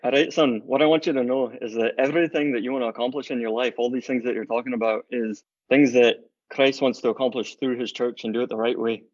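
A man's voice: mid-range voice, fairly even intonation, quick pace, few pauses, dry recording, lightly acted. Earnest older Scottish father, done by a man, put-on Glasgow accent, dry, slightly muffled audio.

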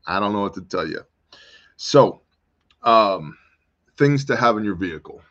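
Deep-voiced American man hosting a livestream. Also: expressive, unhurried, fairly bright tone, muffled recording. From United States. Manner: rambling, joking, responds to viewer comments. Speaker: host. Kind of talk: casual livestream talk reading chat.

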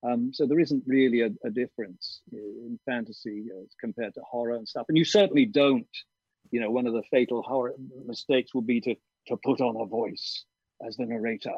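An audiobook narrator with a breathy, husky, mid-range voice is interviewed over a video call from his garden studio shed. He thinks aloud with care, hesitating, saying "um" a lot and often stopping to start over. The audio is dry and lo-fi like a call feed, with no room sound.

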